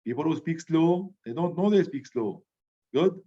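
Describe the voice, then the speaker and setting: A middle-aged man teaching a class, speaking loudly and with energy, checking in with the students by saying "good" after each point. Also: a little high, normal speed. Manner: loud, animated, repeats "good" as a check-in. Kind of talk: classroom lecture. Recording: dull lo-fi recording.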